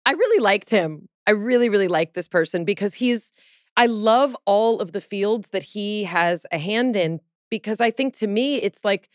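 A woman hosting a podcast, animated and jokey in casual chat. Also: mid-range voice, no echo, clean studio sound. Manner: animated, jokey, quick to laugh. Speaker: podcast host.

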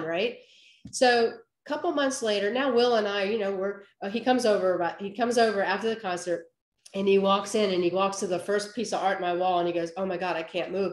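A woman photographer giving a lively storytelling talk, acting out what people said to her. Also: medium pitch. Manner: animated storyteller, acts out quoted voices. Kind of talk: storytelling presentation. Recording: roomy echo.

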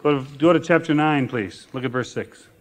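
A male pastor preaching a sermon, reading scripture slowly and building to emphatic repeated phrases. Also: mid-range voice. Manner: preaching with rising emphatic repetition; reads scripture slowly and deliberately.

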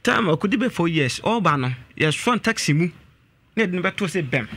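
A man phones in to a talk show to tell a story about his family. He speaks haltingly with many fillers, in a bright voice whose pitch leaps about. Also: sing-song, dry recording. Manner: hesitant, full of "eh" fillers. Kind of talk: telling a family story on a call-in.

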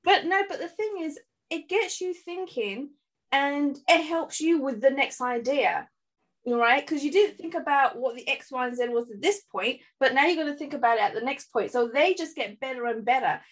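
A woman's voice: high-pitched, normal speed. A woman hosting a business podcast, chatting casually and retelling her own stories with lots of "I'm like". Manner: chatty, quotes herself with "I'm like". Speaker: podcast host. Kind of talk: casual interview chat.

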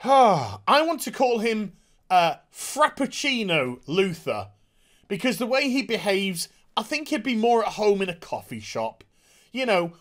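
Mocking, fairly high-voiced male reviewer. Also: a bit bright. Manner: mocking, exasperated, with hesitant fillers. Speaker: TV review host. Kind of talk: sarcastic episode recap.

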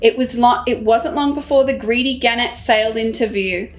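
A woman presenting a children's show, reading a story aloud in an animated, expressive way. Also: a little high, normal speed, soft background music.

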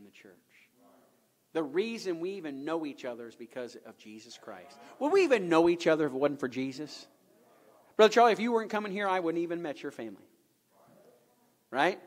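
A man preaching a sermon in a church, emphatic and repetitive, asking the congregation rhetorical questions. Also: a little high. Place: church sanctuary. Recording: echoey church hall.

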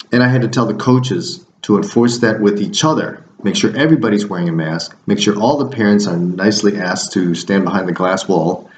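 A man's voice: low-pitched, echoey room, a little hiss or hum, low-quality recording. A man who coaches fencing, talking through his week in a casual, rambling video diary with many restarts.

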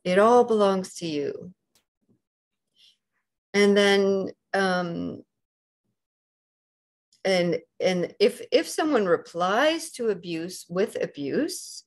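A woman with a Canadian accent giving a dharma talk as a meditation teacher, gentle and unhurried, pausing often with soft fillers. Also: on the low side. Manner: slow and gentle, with many pauses and fillers.

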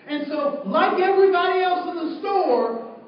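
A man's voice: very high voice, normal speed. A man leading a training session, telling a story to a group and acting out the lines of the people in it. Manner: animated storyteller, acts out the dialogue. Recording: echoey, distant, dull sound.

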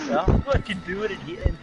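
A young man joking with friends during a streamed game, laughing and teasing with plenty of swearing. His voice bounces widely in pitch and he talks at an unhurried pace. Loud game sound plays behind him. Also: very noisy. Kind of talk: casual gaming banter.

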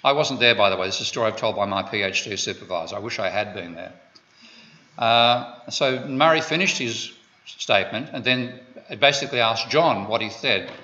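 A man's voice: lowish voice, moderate pace, sharp tone. An Australian man giving an economics lecture, digressive and full of wry asides. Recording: dull lo-fi lecture recording.

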